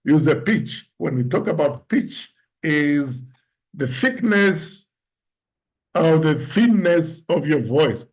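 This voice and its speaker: Slow, deliberate man coaching on voice. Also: animated, a little mellow. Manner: deliberate, demonstrates pitch and tone examples aloud. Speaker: public speaking coach. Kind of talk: instructive talk on voice and public speaking.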